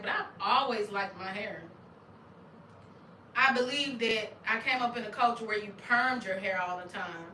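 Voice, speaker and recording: A middle-aged woman from Arkansas, hosting a casual chat, animated and laughing often with loud exclamations. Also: medium pitch, moderate pace, slight background noise. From Arkansas, USA. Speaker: channel host. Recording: roomy sound, distant from mic.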